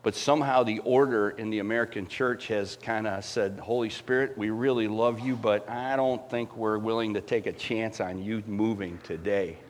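A man preaching a sermon as pastor, emphatic and animated, swinging between loud swells and quiet drops. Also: on the low side, normal speed, hardly any pauses.

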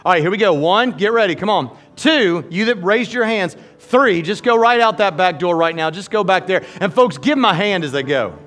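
A man preaching an altar call, folksy and joking, with an animated, lively delivery. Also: high voice, moderate pace, hardly any pauses, faint music behind. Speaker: pastor.

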